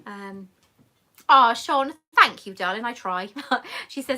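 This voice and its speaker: A woman's voice: mid-range voice, a little slow, sharp tone. A woman hosting a casual live chat, reading viewer comments aloud and calling people darling. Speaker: YouTube host answering live chat questions.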